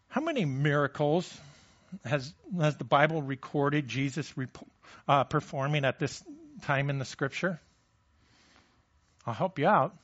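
A man preaching a sermon in a conversational, questioning manner. His voice sits a little high for a man, and the recording is dull and lo-fi. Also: fairly bright tone. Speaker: pastor.

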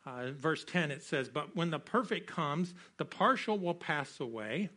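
A man preaching a sermon as a pastor, conversational and animated, often restarting his sentences and slowing for scripture. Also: a little high.

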